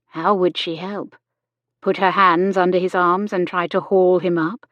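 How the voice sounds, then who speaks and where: A woman reading an audiobook as narrator, gentle and measured in her reading. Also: medium pitch, steady tone, dry recording. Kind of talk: scripted narration. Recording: dull lo-fi dry audio.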